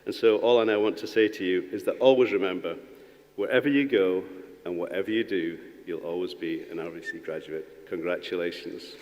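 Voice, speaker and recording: A man's voice: low voice, fairly even intonation, a little fast, noisy background. A man giving a humorous graduation speech as college principal, with ums and restarts, in a large hall. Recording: reverberant hall sound.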